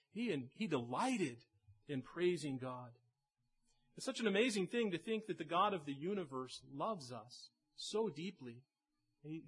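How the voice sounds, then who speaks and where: Earnest husky male pastor preaching. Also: on the high side. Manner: earnest, builds to emphatic peaks, repeats words. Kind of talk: sermon.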